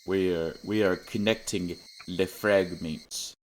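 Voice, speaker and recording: A young man chatting casually while streaming a game, rambling and often breaking into high-pitched laughter. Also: fairly even intonation, slow. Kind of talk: casual livestream gaming chat.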